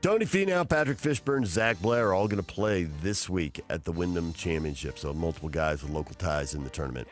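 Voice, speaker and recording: A man with a fairly low voice hosts a sports talk radio show. He talks about the games with energy and reads the headlines. Faint music plays behind him. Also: expressive, brisk, few pauses.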